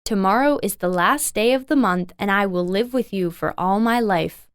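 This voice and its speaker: A woman's voice: mid-range voice, normal speed, clean tone, no echo, clean studio sound, natural voice. A woman voicing a stern fairy-tale king who makes firm pronouncements in a storybook.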